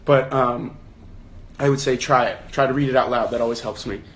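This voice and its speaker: A man's voice: mid-range voice, fairly even intonation, a little fast, a bit bright. A young man hosting a casual livestream book chat, thinking aloud with frequent restarts and questions to his viewers. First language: English. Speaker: livestream host leading a book discussion.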